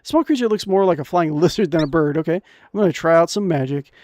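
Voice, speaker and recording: Slightly high and fast-talking, a young man gives casual commentary while streaming a fantasy adventure game. He reads the game text out loud, excitable and joking, tossing in crude asides.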